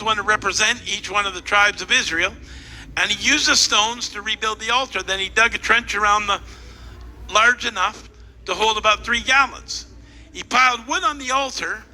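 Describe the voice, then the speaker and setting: Animated high-voiced pastor in a hall. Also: male voice. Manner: animated and playful, directing volunteers and joking with the crowd. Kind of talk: sermon retelling a scripture story. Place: church hall. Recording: long echo in a large hall with faint noise.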